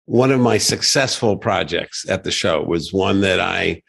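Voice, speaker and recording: A man being interviewed about his past work, talking in a halting way with restarts. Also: low-pitched, creaky, a bit bright, slightly rough. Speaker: guest. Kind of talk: casual interview chat.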